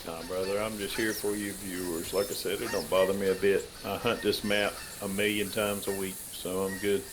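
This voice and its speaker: A man's voice: deep voice, little pitch movement, normal speed, noisy background. A man hosting a hunting game stream, chatting casually and teasing his guest. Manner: joking, teasing, laid-back. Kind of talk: casual gameplay chat.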